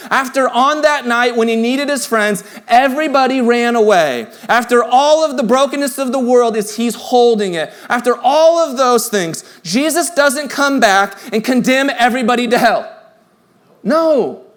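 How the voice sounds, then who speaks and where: A man in his thirties preaching a sermon in a church, earnest and conversational, rising to emphatic points and dropping to quiet, tender passages. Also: very high-pitched. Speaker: pastor. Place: church sanctuary.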